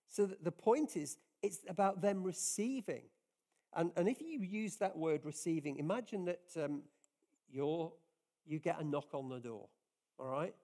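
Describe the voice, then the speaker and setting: Man preaching in a mellow voice. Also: a little high. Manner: earnest, conversational preaching with frequent restarts. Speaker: pastor. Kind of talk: sermon. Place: church service.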